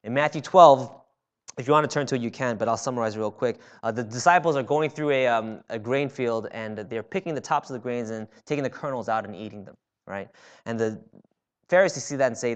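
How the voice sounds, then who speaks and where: A man's voice: mid-range voice, brisk, smooth. A man preaching a sermon in a church, talking casually and often checking in with "right?". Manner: conversational with frequent "right?" asides. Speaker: pastor.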